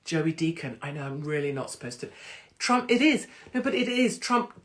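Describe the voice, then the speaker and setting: A woman hosting a casual livestream chat, cheeky and excitable, rambling with asides and joking interruptions as she reads out announcements. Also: sits low, normal speed. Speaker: host.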